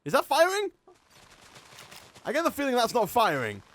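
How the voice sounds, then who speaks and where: A man's voice: extremely high pitch, huge pitch swings, moderate pace, fairly bright tone. A man with a Yorkshire accent giving chatty live-stream gameplay commentary, thinking aloud and laughing often. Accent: Yorkshire English. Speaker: gaming streamer.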